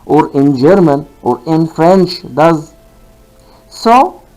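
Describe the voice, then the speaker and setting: Slow, lively-pitched male teacher. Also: poor audio. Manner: deliberate, repeats key phrases, fillers. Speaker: linguistics teacher. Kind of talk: recorded lecture.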